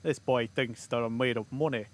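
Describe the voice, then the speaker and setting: A man's voice: medium pitch, fairly even intonation, moderate pace, natural voice. A man doing a harsh miserly peasant father. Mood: mocking. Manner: blustering and mocking.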